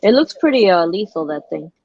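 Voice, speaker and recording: Low-voiced woman on a muffled call. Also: very animated, brisk, creaky, darkish tone, dry recording. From northern United States. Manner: laughs a lot, hesitant fillers. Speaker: guest collector. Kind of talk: casual chat. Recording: dull lo-fi call audio.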